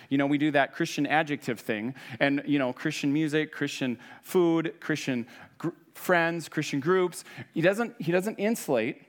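A man's voice: fairly high pitch, normal speed. A man preaching a sermon, retelling a story conversationally and acting out the quoted lines.

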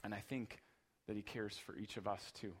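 A man's voice: lowish voice, fairly even intonation, normal speed, husky. A man preaching a sermon as pastor, earnest and emphatic, repeating phrases for rhythm.

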